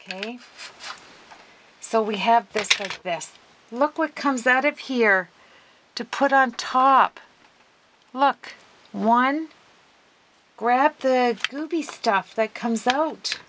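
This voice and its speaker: A woman hosting a casual craft video, gushing and excitable as she talks viewers through her work. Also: on the high side, slow pace, long pauses, noisy background. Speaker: craft vlogger.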